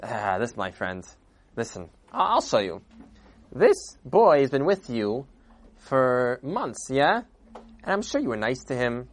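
A man voicing a calm, kindly older bishop in a told story, speaking softly and in a measured way. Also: medium pitch. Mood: calm, knowing.

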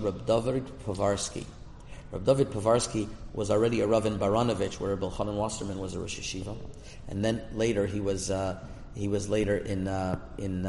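Gravelly, low-voiced man telling a story. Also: darkish tone, a little hiss or hum. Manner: earnest, emphatic storyteller with Hebrew terms. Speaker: rabbi giving a Torah class. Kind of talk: storytelling Torah lecture. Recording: echoey room with long reverb.

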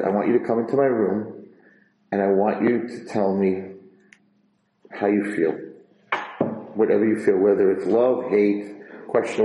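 A man teaching a Torah lecture in an informal, animated way, acting out dialogue as he tells stories. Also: lowish voice, echoey room, rough recording. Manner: animated storyteller, acts out dialogue, frequent restarts. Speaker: rabbi and teacher.

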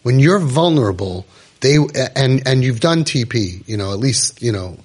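A man leading a parent support group, speaking to a live audience in a room in a lively way with lots of fillers and acted-out quotes. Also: mid-range voice, normal speed, slightly rough. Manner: animated, acts out quoted voices, many fillers.

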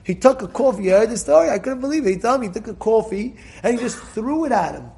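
A man giving a Torah class lecture, emphatic and repetitive, sometimes breaking into loud cries to drive a point home. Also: very high-pitched, animated, fast, creaky. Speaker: Torah teacher.

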